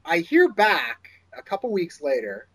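Animated storytelling man, slightly high voice. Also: unhurried, low-quality recording. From Boston area. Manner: animated, acts out quoted voices in a higher pitch. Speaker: author guest. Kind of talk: casual interview storytelling.

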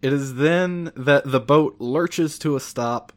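A man's voice: mid-range voice, takes it slowly. A man co-hosting a podcast, chiming in with wry asides in casual game recap chat. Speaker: podcast co-host.

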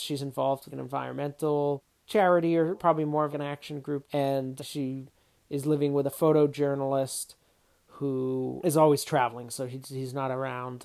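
A film reviewer walks through a movie's story in a relaxed, reflective way. The talk is unscripted, with small restarts as thoughts form. The voice sits at a middle pitch. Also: gravelly. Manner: reflective, thinking aloud with restarts. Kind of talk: casual spoken film commentary.

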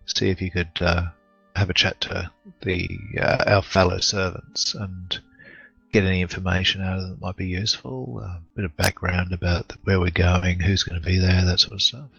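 A man's voice: low-pitched, little pitch movement, moderate pace, vocal fry, sharp tone, husky, dry recording, dull audio, faint music behind. A man playing in a tabletop game, talking hesitantly with many fillers. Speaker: player.

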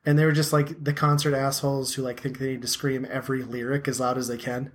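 A man's voice: medium pitch, little pitch movement, quick pace. A man in his thirties hosting a casual podcast chat, rambling and self-deprecating with plenty of filler words. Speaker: podcast host.

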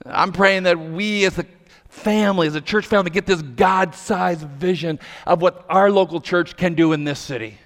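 A male pastor preaching a sermon, telling a lively story and acting out the voices of the people in it. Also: sits high, moderate pace. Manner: animated, acts out quoted voices. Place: large church hall. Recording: long hall reverb.

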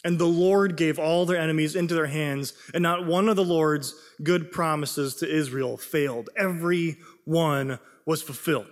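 A young adult man preaching a sermon with a relaxed, self-mocking style and quick restarts. His voice sits a little high, and a long reverb trails it around the hall. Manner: casual, self-deprecating, repeats words when excited.

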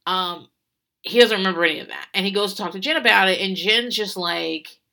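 A woman's voice: mid-range voice, a little fast, vocal fry, sharp tone. A woman hosting a podcast, recapping a reality show in rambling casual chat, swearing freely and laughing often.

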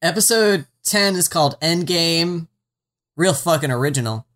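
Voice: mid-range voice, animated, moderate pace, fairly bright tone. A podcast co-host recapping a TV series in casual chat, rambling through asides with a wry, sarcastic edge and the odd swear word. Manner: rambling and self-interrupting, with frequent "like" and "um" asides.

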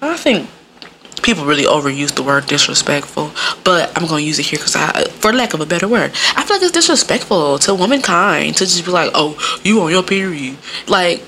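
Young woman, low voice, gravelly edge, bright and forceful, casual profane rambling, laughs a lot. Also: very animated, brisk, a little hiss or hum. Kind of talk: casual monologue.

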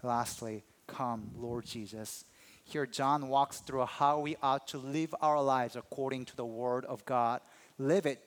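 A man preaching a sermon as a pastor, telling a personal story in an animated, emphatic way. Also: mid-range voice.

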